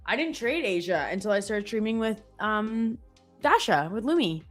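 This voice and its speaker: A woman's voice: mid-range voice, very animated, moderate pace, soft background music. A young adult woman co-hosting a live trading stream, talking casually and jokily with lots of fillers. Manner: chatty, lots of "like", jokey. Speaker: trader co-host on a live stream. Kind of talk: casual chat.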